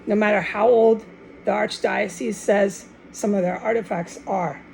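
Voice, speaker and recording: A woman's voice: medium pitch, steady tone, unhurried, creaky, poor audio. A woman giving a fervent, rambling religious monologue to camera, often restarting and dropping in Spanish words. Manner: fervent and insistent. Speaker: online video maker.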